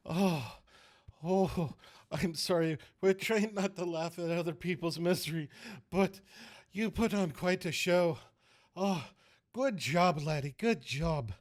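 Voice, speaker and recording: A man's voice: medium pitch, animated, takes it slowly, no echo, clean studio sound. A man voicing a jolly old temple cleric who laughs through her words and calls people laddie. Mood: amused.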